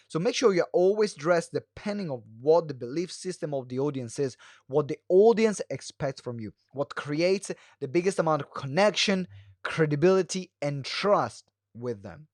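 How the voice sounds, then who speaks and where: Higher-voiced fast-talking male coach. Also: no echo, clean studio sound. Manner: fast talker who varies pace and pitch; frequent fillers and restarts. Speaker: speaking coach. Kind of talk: live webinar teaching.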